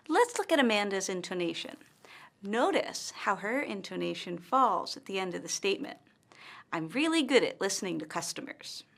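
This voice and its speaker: An American woman narrates a scripted English lesson as the instructor. Her voice sits at an ordinary middle pitch. She speaks slowly and deliberately and articulates each word with care. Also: a bit bright. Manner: slow, deliberate, carefully articulated delivery.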